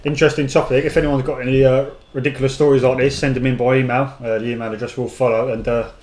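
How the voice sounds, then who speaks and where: A man's voice: medium pitch, fast talker, reverberant. A man, co-hosting a podcast and telling stories in casual, sweary chat. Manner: sweary, animated storytelling. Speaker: podcast co-host.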